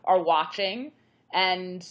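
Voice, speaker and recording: A woman's voice: lowish voice, very slow, lo-fi sound. A woman talking about movies from home over a call, chatty and reflective, with many restarts. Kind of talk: casual conversation about movies.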